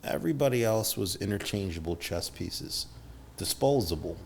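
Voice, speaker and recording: Man, middle-aged, podcast guest, animated storyteller, gravelly low voice. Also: normal speed, a little hiss or hum. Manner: animated, acts out quotes with big pitch jumps, swears freely. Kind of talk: storytelling interview.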